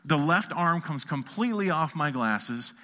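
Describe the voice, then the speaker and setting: A man's voice: fairly high pitch, a little slow, noisy background. A middle-aged man preaching a sermon as a pastor, telling a funny story and acting out the quotes of the people in it. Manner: animated, acts out quotes with a shifting voice.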